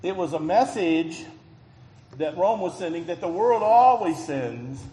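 A man preaching a sermon in a folksy, emphatic way, his voice swelling loud on key phrases. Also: high voice, lively intonation, measured pace. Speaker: pastor. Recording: echoey hall, faint background noise.

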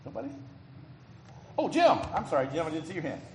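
A man preaching a sermon in a folksy, emphatic way, his voice swelling loud on key phrases. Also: fairly high pitch, very animated, a little fast, crowd noise. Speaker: pastor. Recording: echoey hall, faint background noise.

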